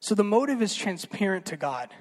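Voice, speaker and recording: A young man giving a casual sermon, chatty and animated, full of fillers and asides. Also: sits high, brisk. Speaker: youth speaker. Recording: long hall reverb.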